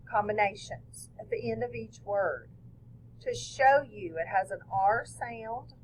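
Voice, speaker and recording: A woman's voice: a little high, dull audio, a little hiss or hum. A woman teacher explaining a phonics lesson patiently step by step.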